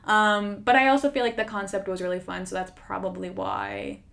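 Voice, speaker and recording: A woman's voice: medium pitch, lively intonation, brisk, gravelly, fairly bright tone. A woman YouTuber giving casual, self-deprecating commentary while reacting to her own old video, chatty with lots of fillers.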